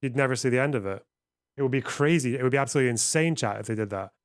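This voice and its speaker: Male streamer, mid pitch, crisp voice, loose profane chat to viewers. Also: racing, no echo, studio quality. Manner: profane, rambling, reacting to chat. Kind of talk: casual live-stream chat.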